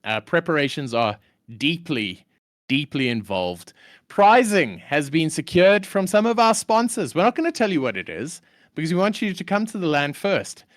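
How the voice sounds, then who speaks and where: A man's voice: a little high, big pitch swings, normal speed, no room sound, studio quality. A man hosting a live stream, talking with enthusiasm and poking fun at himself. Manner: enthusiastic, playfully self-mocking. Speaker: stream host.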